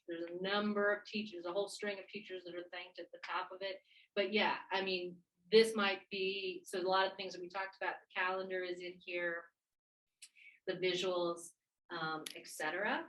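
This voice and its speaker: A woman's voice: mid-range voice, recorded from a distance, low-quality recording. A middle-aged woman who teaches kindergarten, talking casually at a workshop and acting out children's voices as she tells stories. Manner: lively, quotes kids in animated voices, laughs often. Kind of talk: casual talk at a professional workshop.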